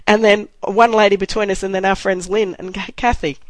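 A woman's voice: mid-range voice, fairly quick, dry recording, low-quality recording. Chatty woman telling a fan story. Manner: animated, laughing, acts out quotes. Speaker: fan recounting a convention meet. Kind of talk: casual chat, storytelling.

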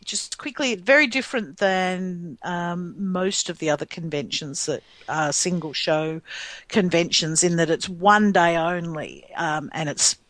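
A woman's voice: lowish voice, measured pace, a bit bright, no echo, low-quality recording. A woman co-hosting a podcast in casual chat, rambling with lots of fillers and frequent laughter. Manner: chatty, laughing often, rambling with many fillers. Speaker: podcast co-host.

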